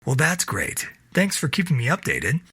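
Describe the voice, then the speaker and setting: A man's voice: on the high side, huge pitch swings, normal speed, pushed and bright, slightly rough, no echo, studio quality, pitched above the performer's own voice, heavily acted. A man voicing a soldier's upset wife who talks with bitter sarcasm in an audio drama.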